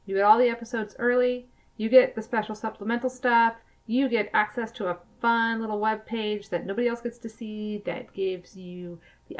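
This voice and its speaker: A woman co-hosting a podcast in casual chat, emphatic and quick to laugh. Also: a little high. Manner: chatty, laughs often, emphatic. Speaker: podcast co-host.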